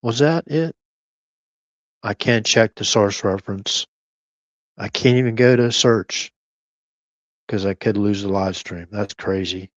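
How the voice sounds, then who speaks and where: A man's voice: fairly low pitch, measured pace, pauses often, no echo, dull audio. A man hosting a late-night live stream, rambling and chuckling to himself and keeping his voice down at times. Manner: meandering, chuckling, talks half to himself; keeps voice down at times.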